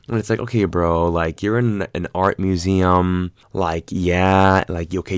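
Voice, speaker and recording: In a low-pitched voice on a dry recording, this man spins a rambling, profane tale. He gets animated as he tells it, slipping into the voices of the people he quotes.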